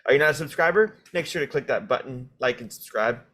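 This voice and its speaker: Animated, lively-voiced trans woman host. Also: very deep voice, fast talker. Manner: laughing, rambling, animated storyteller. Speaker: podcast host. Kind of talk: casual chat.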